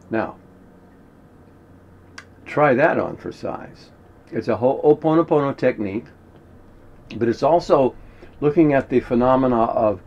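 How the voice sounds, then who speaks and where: A man talking casually and rambling as he teaches a spiritual technique, clearing his throat often and swearing now and then. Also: mid-range voice, darkish tone. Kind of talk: casual instructional monologue. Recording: dull lo-fi recording with faint noise.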